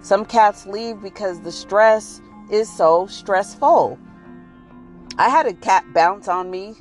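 A woman in a casual, animated comic monologue. She talks loosely and lectures her listeners, with soft music faint behind her. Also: mid-range voice, slow pace. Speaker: comedic storyteller, self-styled pet whisperer. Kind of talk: comedic monologue.

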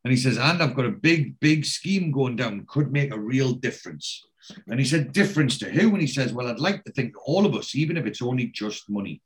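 A man hosting a casual podcast, retelling a TV episode scene by scene and quoting the characters' lines, with a steady "he says" between quotes. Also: medium pitch, fairly quick. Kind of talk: casual chat recapping a TV episode.

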